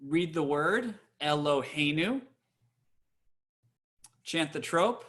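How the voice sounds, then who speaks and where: A man's voice: medium pitch, expressive, moderate pace, a bit bright. A man teaching a cantor's class on a video call, chatty and playful, slipping into chant.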